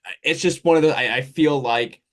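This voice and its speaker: A man's voice: fairly high pitch, a little fast. A man hosting a casual sports podcast, talking in a loose, rambling way that drifts through lists and asides. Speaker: podcast host.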